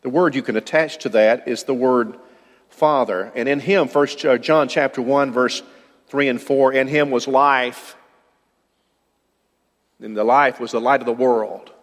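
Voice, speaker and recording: A man's voice: medium pitch, a little slow, big-room sound. A man preaching a sermon, earnest and given to repeating words as he builds a point.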